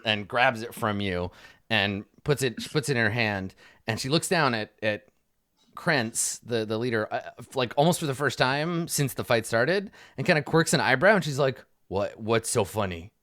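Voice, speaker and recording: A man's voice: mid-range voice, moderate pace, no room sound, studio quality. Man narrating a tabletop game as dungeon master. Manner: lively, vivid narration with frequent fillers.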